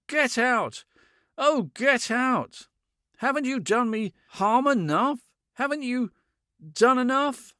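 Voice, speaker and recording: Audiobook figure: narrator putting on a young man gone half mad with rage, voice pitched high and strained, close and dry. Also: animated, slow, no room sound, exaggerated voice. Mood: frantic. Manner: shouting, near screaming. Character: frantic young man, raging, near madness.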